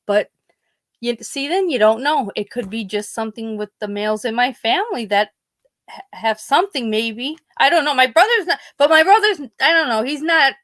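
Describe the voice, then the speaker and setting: A high-pitched, bright woman chats casually on a podcast, telling stories in an animated way with frequent laughter and the odd swear word. Her voice is recorded close and dry, with no room echo. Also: normal speed. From Pennsylvania. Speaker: podcast host. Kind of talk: casual chat, storytelling.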